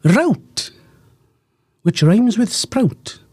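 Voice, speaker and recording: A man's voice: on the high side, very animated, moderate pace, warm tone, slightly rough, dry recording. A man presenting a live radio show in a studio, chatting jovially with rambling, self-mocking asides. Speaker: radio host. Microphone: studio microphone.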